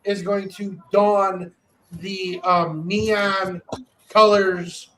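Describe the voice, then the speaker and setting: A man's voice: sits high, flat delivery, drawn-out words, a bit bright, poor audio. A man hosting a podcast in casual chat, talking loosely and restarting his words often. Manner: chatty, repeats words as he restarts. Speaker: podcast host.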